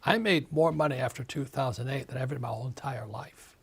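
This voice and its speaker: A man's voice: medium pitch, quick pace, breathy edge. A man in his seventies, an author being interviewed, ranting emphatically, repeating words and mimicking others. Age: 70s. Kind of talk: animated interview talk.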